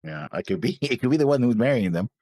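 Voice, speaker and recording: A man's voice: medium pitch, sing-song, fast, warm tone, no room sound. A man co-hosting an anime reaction show, chatting casually with short, laid-back replies. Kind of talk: casual chat.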